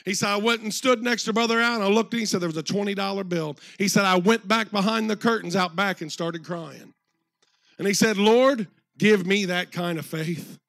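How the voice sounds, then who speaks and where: A preacher tells a story from the pulpit in a high voice. The sound is dry and close. He quotes the people in his story at length, slowing down and rising in force on the key words. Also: vocal fry, a bit bright, no room sound. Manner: retells a story with many quotes, slows and swells for emphasis. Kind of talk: sermon storytelling. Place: church.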